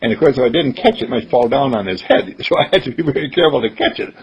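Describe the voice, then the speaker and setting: In a dull lo-fi recording, an older man speaks fast and expressively at medium pitch, his voice husky and gravelly. His talk is conversational storytelling, with him playing the people he quotes and chuckling often.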